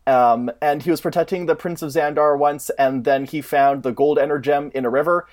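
A man's voice: a little high, fairly even intonation, normal speed, darkish tone. A man co-hosting a casual chat who explains show trivia at length. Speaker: podcast co-host.

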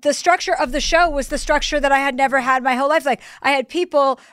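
Brief: forties woman, comic guest, swears freely, slightly high voice, dry close studio sound. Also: fast, a bit bright, no echo. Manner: profane, storytelling, acts out voices. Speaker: comedian guest. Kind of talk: casual podcast chat.

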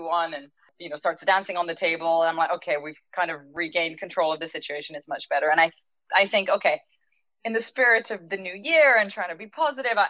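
A woman's voice: on the low side, dry recording, lo-fi sound. A woman who owns a restaurant recounts an anecdote, laughing often and acting out the lines of the people in her story. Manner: lively, laughs often, acts out quoted dialogue. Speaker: restaurant owner telling a story.

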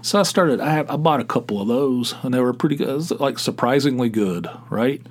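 A man's voice: medium pitch, brisk. Rambling profane middle-aged man. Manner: rambling, stammering restarts, profane. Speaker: podcast host. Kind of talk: casual solo podcast monologue.

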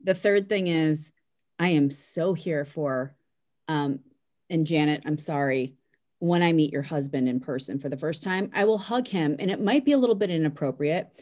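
A woman's voice: low-pitched, normal speed, a little mellow. A woman giving an emotional, affectionate birthday message to a friend.

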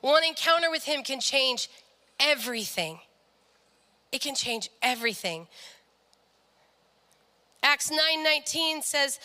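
A woman's voice: sits high, lively intonation, slow, pauses often, bright, forceful tone, in a large hall. A young woman sharing a personal faith story in an earnest devotional talk, often quoting people in their own voices. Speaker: speaker sharing a testimony.

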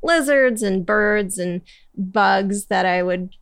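A woman's voice: medium pitch, takes it slowly, gravelly, clean tone. A young woman from San Diego chats as a podcast guest. She tells stories loosely, full of fillers and restarts. Her voice sits in an ordinary middle range. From San Diego, California. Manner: chatty storyteller, many fillers and restarts. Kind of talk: casual podcast chat.

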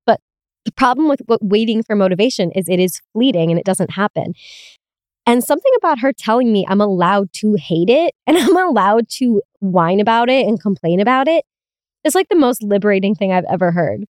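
A woman's voice: mid-range voice, lively intonation, a little fast, darkish tone, clear, resonant tone, no room sound, clean studio sound. A young woman hosting a casual solo podcast, talking candidly, swearing freely and laughing often. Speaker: podcast host.

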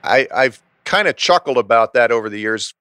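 A man being interviewed, telling a story in a relaxed way with many restarts and chuckles. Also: medium pitch, a little fast, clean tone, dry recording, clean studio sound. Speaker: author and historian interviewed.

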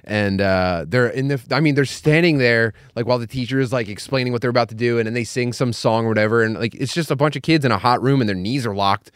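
A man's voice: mid-range voice, fast talker, hardly any pauses, clean tone, no echo, clean studio sound. A man in casual podcast chat, teasing the others and telling vivid anecdotes.

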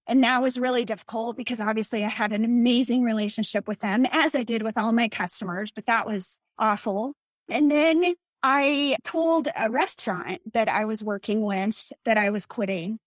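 A woman's voice: fairly high pitch, dry recording. Frank woman recalling burnout, dry sound. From Colorado. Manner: frank, tired, tells story with quoted dialogue. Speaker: podcast guest, former bakery owner. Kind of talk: candid conversational interview.

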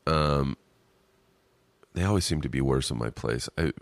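A man with a very low, deep voice chats casually on his podcast, reading listener emails aloud. He rambles, pokes fun at himself and swears freely, sniffling now and then from allergies. The sound is close and dry, with no room echo. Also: measured pace, vocal fry. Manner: rambling, self-deprecating, profane asides. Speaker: podcast co-host. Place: at home in his apartment.

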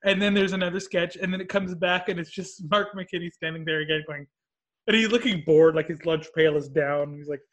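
A young man, a comedian guest on a podcast, telling stories casually, animated and swearing freely. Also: sits high, fairly quick. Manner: animated, swearing, laughing storyteller. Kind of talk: casual film chat.

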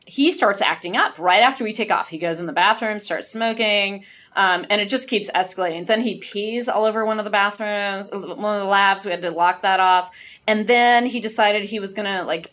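A woman who works as a flight attendant, telling a story in a lively, laughing way as a podcast guest. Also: medium pitch. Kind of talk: casual storytelling.

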